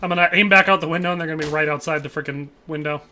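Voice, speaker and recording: Streaming a shooter game, a man rambles casually while reading chat comments, tacking playful tag phrases onto what he says. He talks rapid-fire in a fairly high, fairly even, pushed and bright voice, with slight background noise.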